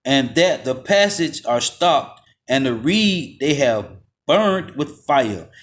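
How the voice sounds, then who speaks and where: A man preaching a forceful, confrontational sermon, slowing down to read scripture aloud and dropping his voice on tag words. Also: mid-range voice, sing-song. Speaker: street preacher. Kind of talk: fiery street sermon with scripture reading.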